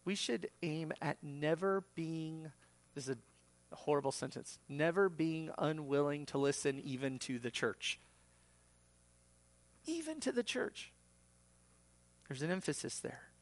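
A man's voice: on the high side, moderate pace. A man preaching a sermon as pastor, acting out quoted voices and rising sharply for emphasis.

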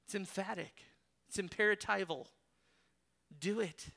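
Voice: mid-range voice, unhurried, vocal fry, sharp tone. Preacher in the middle of a sermon, emphatic, pushing the congregation, tosses out rhetorical questions. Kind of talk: expository sermon.

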